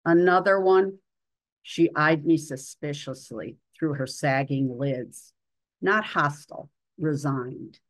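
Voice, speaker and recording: A woman in her sixties reads her own story aloud, measured and literary. Her voice sits low and moves slowly and deliberately. The sound is dry and close. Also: no room sound. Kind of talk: reading a personal story aloud.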